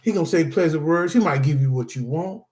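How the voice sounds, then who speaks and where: A man's voice: fairly high pitch, fairly quick, a little mellow, reverberant. A middle-aged man teaching anger management through personal testimony, talking emphatically and repeating himself, often calling the listeners "y'all". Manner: emphatic, repetitive, addresses audience as y'all.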